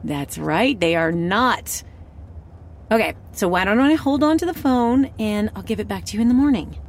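Wry, gravelly young hacker. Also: female voice, mid-range voice, expressive, moderate pace. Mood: coaxing. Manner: dry, wry asides to herself. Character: wry young female hacker, impatient and scheming.

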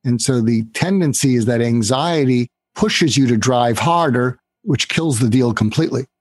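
A man's voice: mid-range voice, normal speed, dry recording. A man talking as a guest author in an interview, explaining a sales technique step by step in an instructive way. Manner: instructive, acts out quoted dialogue.

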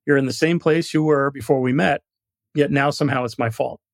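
A man's voice: mid-range voice, steady tone, brisk, creaky, dry recording, close to an everyday voice. A man doing a dry, matter-of-fact accountant. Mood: exasperated. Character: plain-spoken male accountant on the ground.

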